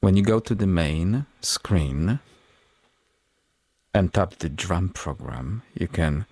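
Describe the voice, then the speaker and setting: A man hosting a music production tutorial, explaining each step in a measured, methodical way. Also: low voice, animated, a little mellow, husky, no room sound. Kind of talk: tutorial walkthrough.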